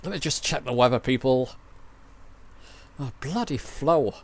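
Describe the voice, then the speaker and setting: A man's voice: mid-range voice, lively intonation, a little slow. A man chatting loosely during a flight sim livestream, rambling and poking fun at himself. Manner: chatty, rambling, self-mocking. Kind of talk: casual livestream chat.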